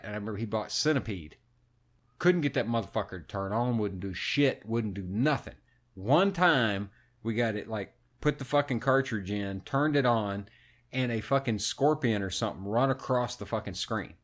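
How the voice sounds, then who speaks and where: Profane, animated male storyteller. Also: lowish voice, normal speed. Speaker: podcast co-host. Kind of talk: casual chat.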